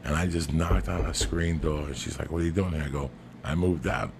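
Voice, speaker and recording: Gravelly Jersey man telling wild stories. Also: rumbling low, fairly even intonation, brisk. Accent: New Jersey. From New Jersey. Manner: brash, profane, bursts into loud laughing shouts. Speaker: podcast host. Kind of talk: casual storytelling. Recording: noisy room ambience.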